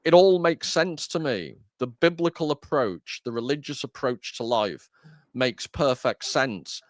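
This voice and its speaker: A man's voice: mid-range voice, expressive, measured pace, no echo, studio quality. Chatty, self-deprecating man host. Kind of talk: casual discussion.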